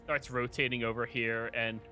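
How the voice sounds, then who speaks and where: A man's voice: mid-range voice, flat delivery, moderate pace, sharp tone, soft background music. A man running a tabletop game as game master, narrating the scene and calling for rolls.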